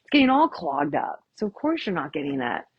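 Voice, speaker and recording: Chatty, husky woman chiropractor. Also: deep voice, very animated, a little fast, dry recording, highs cut off. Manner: chatty, tags lines with "right?", acts out quotes. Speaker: chiropractor giving a workshop talk. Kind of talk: casual, enthusiastic presentation.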